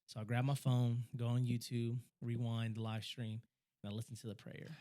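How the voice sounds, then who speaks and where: Mid-range in pitch, this young man co-hosts a podcast and, in casual conversation, rattles through a story with excitement, stumbling and doubling back on his words.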